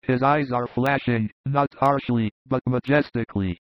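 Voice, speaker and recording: Brief: man narrating steadily, mid pitch, dry lo-fi audiobook. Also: steady tone, no room sound. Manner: measured, descriptive. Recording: dull lo-fi recording.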